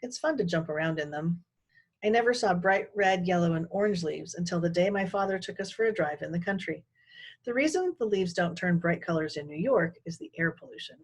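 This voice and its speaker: A woman teacher reading a children's chapter book aloud in an expressive, animated way. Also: on the low side, fairly quick, breathy edge. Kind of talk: storybook read-aloud.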